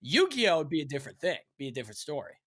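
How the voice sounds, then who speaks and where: Casual podcast co-host, young adult male, bright edge, dry sound, laughs and curses. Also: fairly high pitch, huge pitch swings, very fast, slightly rough, no echo. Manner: loose, laughing, swears a lot. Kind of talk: casual chat.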